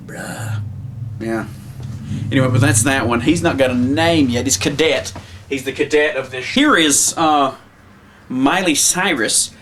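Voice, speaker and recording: A man walking through his handmade puppet collection in a loose, unscripted way, with lots of pauses and restarts. His voice sits at an ordinary middle pitch. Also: a bit bright. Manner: rambling, with many ums and restarts. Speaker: puppet maker. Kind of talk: casual show-and-tell.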